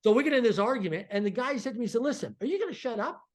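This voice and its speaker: A man's voice: extremely high pitch, rapid-fire, a crowd in the background. A middle-aged man, a podcast guest, telling a story with energy and acting out the dialogue. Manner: animated, acts out dialogue in quotes.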